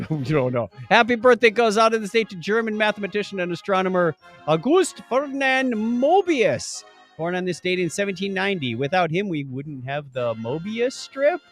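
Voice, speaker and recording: A man's voice: sits high, expressive, brisk, fairly bright tone, faint music behind. A man co-hosting a casual podcast, reading history notes and joking at his own slips. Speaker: podcast co-host.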